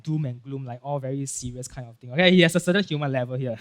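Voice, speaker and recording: A male pastor with a Singaporean English accent delivers a casual, animated sermon at a fast clip and a medium pitch. He acts out Bible scenes and fills his talk with fillers, constantly checking in with "right?" and "okay?".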